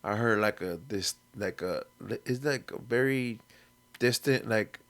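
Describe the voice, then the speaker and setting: A man's voice: lowish voice, measured pace, a bit bright. A man co-hosting a comedy podcast, telling rambling, profane stories and laughing often. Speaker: podcast co-host. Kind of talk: casual comedy podcast chat.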